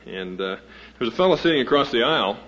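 A man's voice: mid-range voice, lively intonation, fast talker, fairly bright tone. Male host, folksy rambling introduction to a live audience, muffled dull old recording. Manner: folksy, rambling, many fillers and restarts. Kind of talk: speaker introduction with a humorous story.

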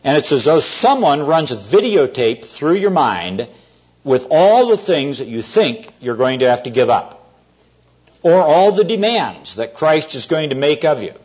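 An earnest male preacher delivers an evening sermon, his fairly high voice rising and falling a great deal. He slows down to press key words home. The recording is dull and lo-fi. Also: sing-song, a little mellow, breathy edge. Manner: earnest storytelling, often slowing to stress words.

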